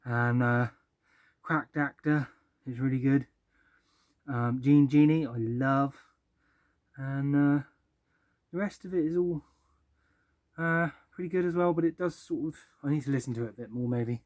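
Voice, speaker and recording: A man's voice: mid-range voice, unhurried, pauses often, a little mellow, no room sound, dull audio. Chatty young man ranking albums. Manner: chatty and enthusiastic, many ums and likes. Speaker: music vlogger. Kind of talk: casual album-ranking talk.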